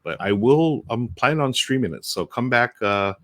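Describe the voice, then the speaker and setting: A man's voice: medium pitch, lively intonation, moderate pace, fairly bright tone. A man hosting a casual live-stream, chatting to viewers while unboxing board games, rambling with restarts. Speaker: board game streamer and host.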